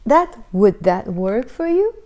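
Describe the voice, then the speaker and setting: Woman teacher, higher-pitched and warm in tone, patient, says each phrase twice. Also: very animated. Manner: patient, repeats phrases slowly for learners. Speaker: language teacher. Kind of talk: explaining a language lesson.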